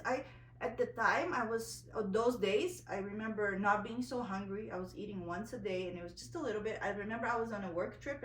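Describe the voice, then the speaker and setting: A woman's voice: on the high side, roomy sound, far from the mic, a little hiss or hum, low-quality recording. A woman vlogger telling a personal story in a candid, emotional way, a little nervous, full of fillers and restarts.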